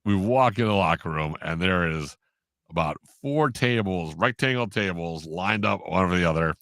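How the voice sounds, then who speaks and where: A man, a sports broadcaster on a podcast, telling stories in an animated way and acting out the quotes. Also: low-pitched, moderate pace, no echo, studio quality. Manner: animated storyteller, acts out quotes, laughs often. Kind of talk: casual storytelling in an interview.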